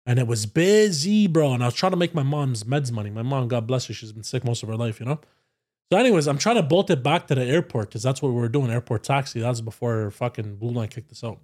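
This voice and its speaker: A man, a podcast guest telling a story in a casual, animated way, swearing freely and saying "bro" a lot. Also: medium pitch, fast. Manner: animated, profane, says "bro" constantly.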